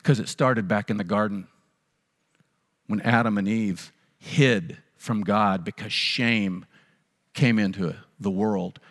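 A pastor with a fairly low voice speaks slowly as he preaches in a church sanctuary. Earnest throughout, he tells a personal story, repeats phrases for emphasis, and makes frequent restarts. The sound carries the long reverb of a large hall.

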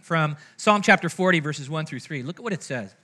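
A man preaching a sermon in a casual, conversational way, often checking in with the congregation and moving between loud, energetic lines and hushed ones. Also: on the high side, a little fast. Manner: conversational preaching, frequent "right?" and "amen?" asides to the congregation. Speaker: pastor.

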